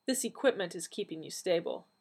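A woman voicing the Doctor, a weary, dry-witted alien time traveller man, speaking gently in a lowish, husky voice. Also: expressive, brisk, heavily acted.

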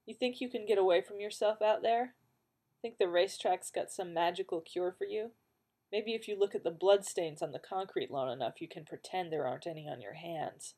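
A woman reading the part of a calm, wry male companion in an audiobook, speaking in a dry, teasing and firm way. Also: on the low side, brisk.

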